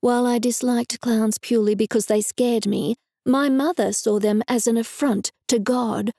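Woman narrator for a cozy mystery, wry and dry, slightly high, gravelly, mellow tone, dry close mic. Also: steady tone, moderate pace, no room sound. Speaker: audiobook narrator. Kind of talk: first-person novel narration.

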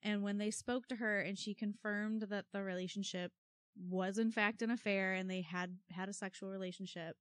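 Woman podcast cohost, wry and animated, mid pitch, dry close mic. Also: normal speed, smooth, no echo. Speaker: podcast co-host. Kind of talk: casual true-crime podcast chat.

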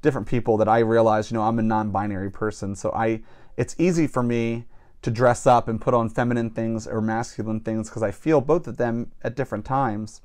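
A man's voice: on the low side, steady tone, brisk, darkish tone. A non-binary drag performer with a man's voice, speaking reflectively in a documentary interview, often saying "you know.". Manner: reflective, personal, many you-knows.

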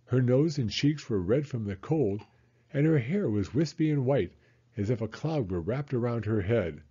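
A man narrating a children's chapter book aloud, expressive and animated. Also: mid-range voice, moderate pace, husky, highs cut off. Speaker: storyteller reading to kids.

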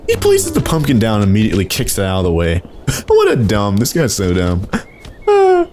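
Lively low-voiced man narrating gameplay. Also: a little fast, background noise. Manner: excitable, exclaiming and laughing often. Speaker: let's play host. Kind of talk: casual gaming commentary.

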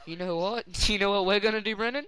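A young man chats through a game stream, cursing freely and cracking crude jokes. His voice sits a little high and sounds bright and forceful. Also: fast, smooth, rough recording. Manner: crude, swearing, laughing banter. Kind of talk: casual gaming stream chat.

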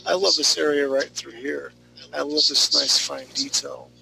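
A man running a live online drawing class, teasing his students and joking between critiques. He sounds worn out, and his slightly high voice has a gravelly edge. The stream carries loud background noise. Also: fairly even intonation, normal speed. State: tired, yawning. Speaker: drawing instructor. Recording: noisy live stream audio.

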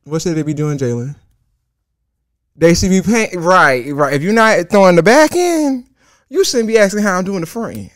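Loud, profane young man. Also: high-pitched, moderate pace, dry recording, clean studio sound. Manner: animated and profane, jumping from loud outbursts to hushed asides. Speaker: host. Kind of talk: comedic story time monologue.

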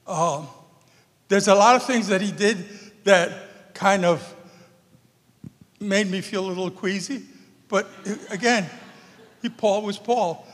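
A man, an acting teacher, giving an emotional and animated memorial speech on a theater stage. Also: sits high, slow pace, long pauses. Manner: animated, emphatic, sings a song. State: emotional, nervous. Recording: echoey theater hall.

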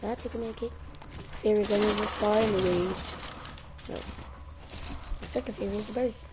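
A woman streaming a game live, chatting to herself and other players with teasing, excitable commentary on a headset. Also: mid-range voice, brisk. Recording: steady noise behind the voice.

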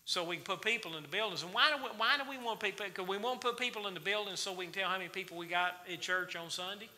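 A man's voice: sits high, racing, sharp tone. A man teaching a Wednesday night Bible study in a church, folksy and quizzing the congregation with questions. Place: church sanctuary. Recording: reverberant church hall.

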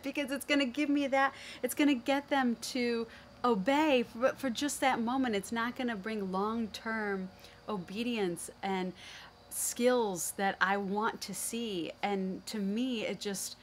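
A woman's voice: lowish voice, a little hiss or hum. A middle-aged woman giving a candid, earnest faith-based parenting talk as host, telling personal stories.

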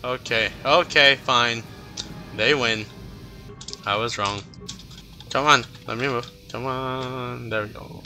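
A nineteen-year-old man narrating his gameplay in an unhurried, goofy way. His voice is bright and sits a little high, and faint music plays under it. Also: fairly even intonation. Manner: goofy, talks to himself, cheers and groans. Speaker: let's play gamer. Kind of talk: casual gameplay commentary.

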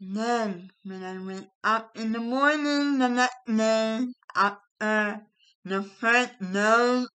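A middle-aged woman vlogger slowly recounting a personal experience in halting, emotional phrases. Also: a little high, fairly bright tone, smooth, low-quality recording. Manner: slow, halting, emotional retelling. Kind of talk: personal vlog storytelling.

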